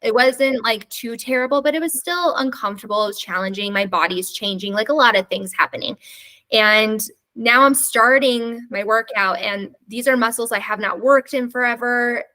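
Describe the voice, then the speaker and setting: A woman's voice: on the high side, normal speed, sharp tone, low-quality recording. A woman hosting a podcast who talks candidly and rambles, sometimes losing her train of thought. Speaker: podcast host. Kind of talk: casual interview chat.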